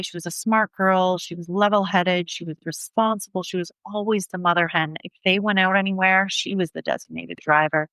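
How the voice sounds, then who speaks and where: A woman's voice: fairly low pitch, fairly bright tone, dry recording, rough recording. Earnest middle-aged woman, dry close mic. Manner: earnest, reenacts dialogue in quick back-and-forth. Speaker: guest, bereaved mother. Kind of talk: personal storytelling in an interview.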